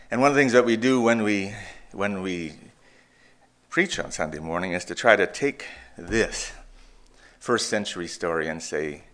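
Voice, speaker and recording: A man preaching a sermon, reflective and emphatic, with pauses and restarts. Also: low-pitched, a bit bright. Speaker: pastor.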